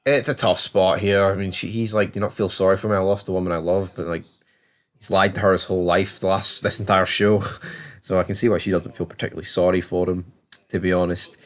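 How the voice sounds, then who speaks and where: A man giving a casual, chatty review and recap of a TV season, swearing freely and acting out characters' lines in quick asides. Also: low voice, flat delivery. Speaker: TV show reviewer.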